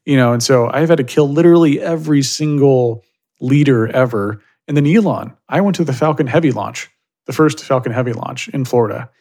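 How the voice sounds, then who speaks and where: A man talks as an interview guest in a loose, rambling way, full of "you know" and "like" fillers. His pitch sits in the middle and he stays thoughtful. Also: fairly quick, a little mellow. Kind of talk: casual conversational interview. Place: Silicon Valley.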